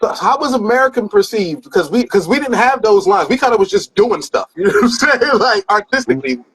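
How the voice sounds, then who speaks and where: Husky high-voiced male host. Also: lively intonation, fairly quick, fairly bright tone, rough recording. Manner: short affirmations, thinking aloud. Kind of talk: casual interview chat.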